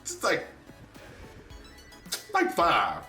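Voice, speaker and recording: A man's voice: on the high side, wildly swooping pitch, drawn-out words. A man co-hosting a reaction video, telling funny stories in casual chat, laughing and acting out the voices of family members. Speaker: reaction channel co-host. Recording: echoey room, mic at a distance, soft music behind.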